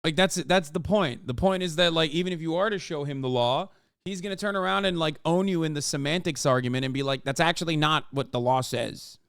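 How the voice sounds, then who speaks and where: A man in his thirties reacting live to videos as a streamer, swearing and animated. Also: a little high, fast, smooth, no echo, clean studio sound. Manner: profane, animated.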